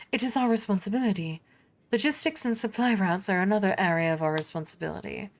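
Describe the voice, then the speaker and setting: A woman voicing a proud, weary noblewoman in a game, speaking formally and defiantly. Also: lowish voice.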